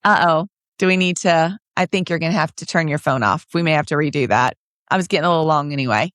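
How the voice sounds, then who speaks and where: A woman's voice: low voice, fast talker, no room sound, studio quality. A middle-aged woman co-hosting a podcast in casual chat, telling stories and laughing often. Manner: chatty, laughing, animated storytelling. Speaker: podcast co-host.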